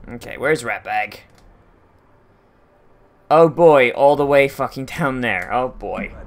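A man's voice: mid-range voice, animated, takes it slowly, vocal fry. A man commentating his gameplay with profane, joking banter. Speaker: gameplay streamer. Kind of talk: let's play commentary.

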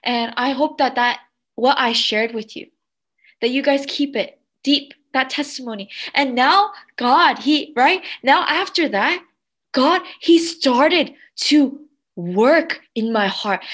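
A woman children's pastor giving a heartfelt sermon with a personal testimony, slow and earnest, sometimes dropping to a soft near-whisper. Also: sits high.

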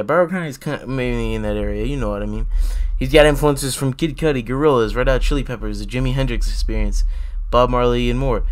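A man's voice: medium pitch, a bit bright, clean tone. A young man hosting a song reaction show, talking loosely with slang and frequent swearing. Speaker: host reviewing songs. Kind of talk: casual reaction commentary.

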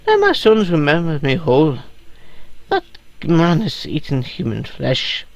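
A man reads out a doomed man's final letter in a put-on Irish accent. The voice is slow, grave and gravelly, and it rises and falls a lot. The accent keeps slipping toward Scottish. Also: fairly high pitch, wildly swooping pitch, no echo, exaggerated voice. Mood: grim. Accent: put-on Irish drifting Scottish. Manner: slow, grave reading aloud.

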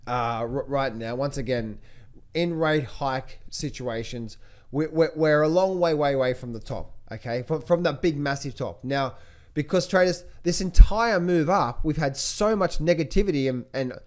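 A trading coach and channel host gives stock market commentary in a fairly high, slightly mellow voice at normal speed. He is emphatic and repeats phrases, keeps calling viewers traders and guys, and sounds restless with many restarts and fillers.

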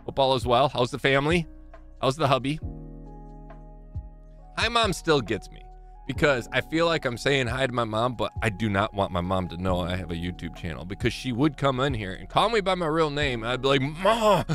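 A man's voice: medium pitch, fairly bright tone. Brief: Michigan-accented male streamer, rambling, self-mocking, faint music behind. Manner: rambling, self-mocking, greets chat by name. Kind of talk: casual live-stream chat. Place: small home gaming room.

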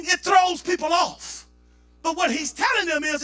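Man, Pentecostal pastor, shouting sermon, lively pitch, faint music behind. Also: moderate pace, long pauses. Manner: fervent, building to shouted preaching. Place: church sanctuary.

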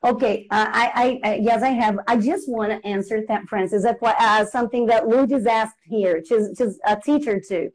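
Brief: female English teacher, explanatory, slightly high voice, livestream guest. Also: moderate pace, hardly any pauses, rough recording. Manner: explanatory, repeats example phrases, restarts. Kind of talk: casual livestream chat explaining intonation.

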